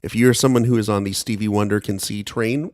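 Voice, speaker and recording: A man in his thirties co-hosting a podcast in casual, animated banter, jumping up in pitch when he quotes himself. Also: a little fast. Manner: animated, mock-conspiratorial, jumps pitch when quoting himself. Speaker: podcast co-host.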